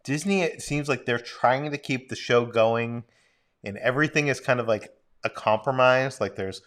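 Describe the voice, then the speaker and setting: A man co-hosting a relaxed livestream, talking in a loose, rambling, easygoing way. He reads viewer questions aloud in a voice of ordinary pitch for a man. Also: normal speed. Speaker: co-host. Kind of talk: casual livestream chat.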